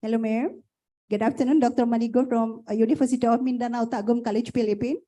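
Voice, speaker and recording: A woman's voice: a little high, fairly even intonation, fast, warm tone, rough recording. A woman, moderating an academic conference in a polite, formal way with many fillers. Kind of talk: hosting an online academic conference.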